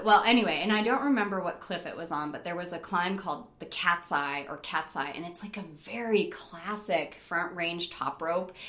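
Chatty woman, lowish voice, echoey room. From Rochester, New York. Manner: animated, laughs often, many fillers. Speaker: interview guest, rock climber. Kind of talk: casual storytelling interview.

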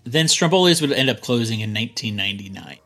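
A man co-hosting a podcast in casual chat, relaxed and rambling. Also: mid-range voice, quick pace. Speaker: podcast co-host.

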